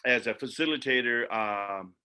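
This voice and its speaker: A man moderating a video-call webinar in a relaxed, rambling way, full of fillers and repeated words. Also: medium pitch, moderate pace, smooth. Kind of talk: casual moderating with many fillers.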